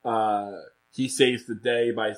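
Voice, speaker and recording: A man's voice: medium pitch, slow. A young man casually recapping a TV episode with friends, swearing freely and acting out the characters' lines. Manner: animated storyteller, swears freely, acts out quotes.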